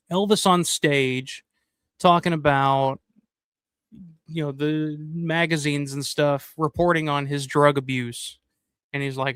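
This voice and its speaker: Laid-back, profane livestream host. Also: male voice, a little high, fairly bright tone, clear, resonant tone, no room sound, studio quality. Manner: laid-back and profane, thanks viewers by name. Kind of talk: casual live-stream chat.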